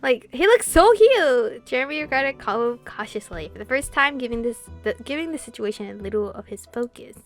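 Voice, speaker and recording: A young woman streamer reading a visual novel aloud, with giggly, excitable reactions. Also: sits high, moderate pace, few pauses. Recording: faint game music behind.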